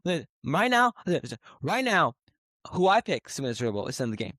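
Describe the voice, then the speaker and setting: A young man with a high, quick voice argues sports picks and keeps repeating himself to cut in and tease. The sound is dry and close, with no room around it. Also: very animated, fairly bright tone, dry recording. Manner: fast, repetitive, talks over the other, teasing. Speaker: podcast co-host. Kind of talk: heated casual sports debate.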